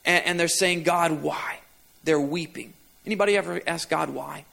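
A man's voice: fairly high pitch, a little fast, gravelly, sharp tone. A man preaching a sermon as pastor, retelling a scripture passage and driving home repeated refrains with rising emphasis.

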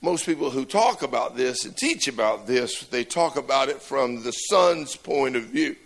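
A man's voice: on the high side, creaky, fairly bright tone. A man preaching a sermon in church, telling jokes and stories with self-deprecating humor. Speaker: pastor.

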